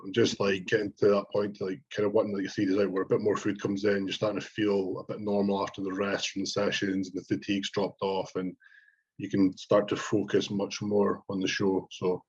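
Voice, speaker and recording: A young Scottish man with a husky, fairly low voice chats on a podcast. He rambles, swears freely and bursts into quoting himself. The sound is dull and lo-fi. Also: completely flat delivery, fairly quick, a little mellow. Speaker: podcast co-host, bodybuilder. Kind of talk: casual chat.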